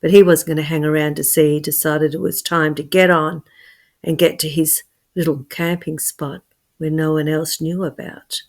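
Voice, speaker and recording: A woman telling a scary story in an expressive way, swinging from hushed to loud. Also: low voice, moderate pace. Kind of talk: dramatic spoken storytelling.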